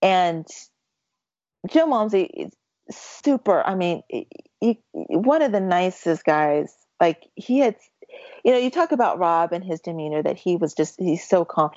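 A woman with a fairly low voice rambles through a casual story, restarting sentences and piling on fillers. The sound is dry and slightly muffled. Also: measured pace, no room sound. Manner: rambling, animated retelling with many fillers and restarts.

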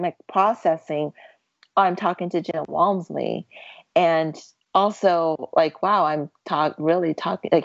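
A woman with a fairly low voice rambles through a casual story, restarting sentences and piling on fillers. The sound is dry and slightly muffled. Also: dry recording. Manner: rambling, animated retelling with many fillers and restarts.

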